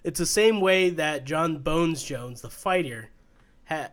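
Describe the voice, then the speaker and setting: A man's voice: a little high, animated, slow pace, a bit bright. A man co-hosting a sports podcast in casual chat, rambling and restarting sentences, laughing easily. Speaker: podcast co-host.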